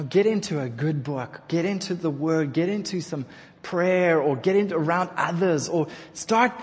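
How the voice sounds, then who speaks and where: A man preaching a sermon to his congregation, leading call-and-response and building to loud exhortation. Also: sits high. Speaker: pastor. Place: church hall. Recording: long hall reverb.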